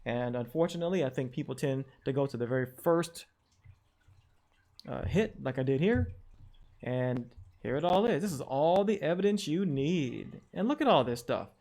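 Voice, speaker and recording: An educator gives a screen-share tutorial on checking sources for online research, sounding skeptical and questioning, reading quotes aloud with wry asides. His mid-range voice is expressive and a little mellow at normal speed, with frequent fillers and restarts.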